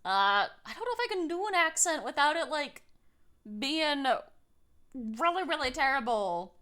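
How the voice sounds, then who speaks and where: Excitable high-voiced woman streamer. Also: unhurried, pauses often. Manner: excitable, exclaims and laughs often, self-deprecating. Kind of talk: casual live-stream chat.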